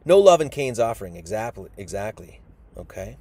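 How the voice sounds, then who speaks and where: A man's voice: lowish voice, very animated, a little fast, mellow, dry recording. A man giving an informal Bible sermon, casual and emphatic, acting out the people he quotes. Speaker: preacher.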